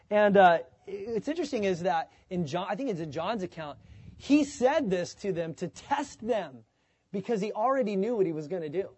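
Pastor guy giving a sermon, kinda high voice, chatty, does little voices for the people he quotes. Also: moderate pace, slightly rough, no echo. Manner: conversational, animated, acts out quoted voices.

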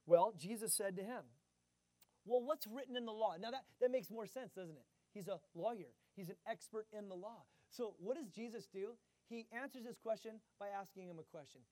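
A man's voice: sits high, mellow, no room sound. A man preaching a sermon in a conversational way, asking the listeners questions as he goes. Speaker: pastor.

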